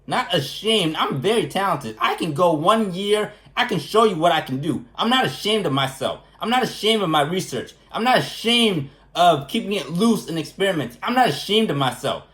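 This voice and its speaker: A man ranting in a casual vlog, animated and indignant, repeating phrases for emphasis. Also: high-pitched, normal speed, hardly any pauses, echoey room. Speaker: vlogger. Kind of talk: casual storytelling rant.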